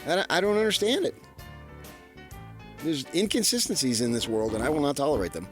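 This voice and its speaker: A man's voice: fairly high pitch, expressive, brisk, faint music behind. A man co-hosting a sports radio show, joking and teasing in casual banter. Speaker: radio co-host.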